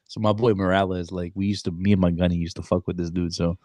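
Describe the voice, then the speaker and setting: Recruiter co-host, male, lively swearing storyteller, slightly low voice, no room sound. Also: fairly quick, dry recording. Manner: animated, profane, says "bro" a lot. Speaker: podcast co-host, Marine recruiter. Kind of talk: casual chat, storytelling.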